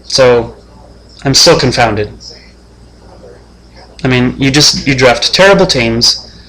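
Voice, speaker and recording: A young man hosting a mock sports-show preview as his fantasy football league's commissioner, trash-talking the other players in a deadpan way. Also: mid-range voice, takes it slowly, poor audio.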